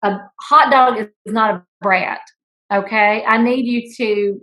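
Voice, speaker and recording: Playful storytelling woman, fairly high voice. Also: unhurried, poor audio. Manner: playful teasing, animated storyteller. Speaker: school principal, podcast co-host. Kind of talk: casual storytelling chat.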